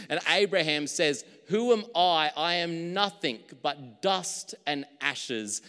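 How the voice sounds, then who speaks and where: A man preaching a sermon as pastor, in a relaxed conversational way that pokes fun at his own slips. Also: mid-range voice, long reverb tail.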